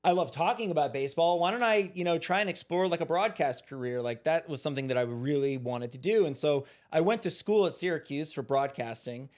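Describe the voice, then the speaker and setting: A man's voice: on the high side, lively intonation, brisk, few pauses, a little mellow. A man from Los Angeles, a guest on a podcast, talking eagerly in casual chat and often restarting his sentences. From Los Angeles, USA.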